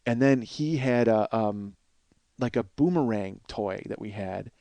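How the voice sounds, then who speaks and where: A man's voice: lowish voice, a little slow, no echo. A man in his forties from Chicago, hosting a comedy podcast and telling a long, rambling, profane story. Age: 40s. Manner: rambling, profane, animated when worked up.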